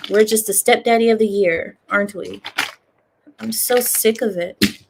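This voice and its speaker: A woman's voice: medium pitch, fairly even intonation, measured pace, creaky, darkish tone, slight background noise. A woman, ranting in a casual livestream and chatting to her viewers over a laptop mic. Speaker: livestream host.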